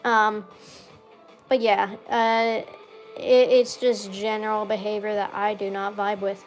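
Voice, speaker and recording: A young woman chatting casually over gameplay, rambling with lots of "like" and swearing freely, with loud outbursts when the game goes wrong. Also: mid-range voice, little pitch movement, slow, soft background music. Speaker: gaming streamer.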